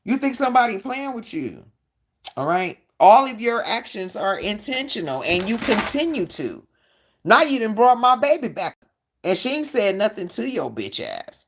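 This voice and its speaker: At a normal speed and with a mid-range voice, a woman hosts a live-stream Q&A in a very animated way. She talks bluntly, swears a lot, and sounds combative, repeatedly asking "all right?".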